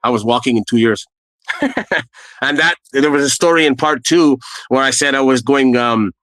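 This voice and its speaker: A middle-aged man from Canada, a guest telling his own story in a blunt, lively way and acting out what others said. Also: moderate pace, dry recording, low-quality recording. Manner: re-enacts quoted people with raised pitch, blunt and profane. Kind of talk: animated personal storytelling.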